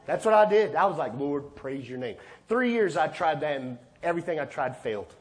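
A man preaching a sermon as a pastor, from Texas, swinging between loud, high bursts and quiet, low asides as he acts out conversations. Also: expressive, brisk. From Texas, USA.

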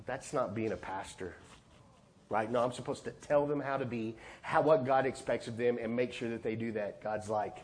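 A Texas pastor preaches a sermon at a fairly quick pace, acting out conversations. He swings between loud, high bursts and quiet, low asides.

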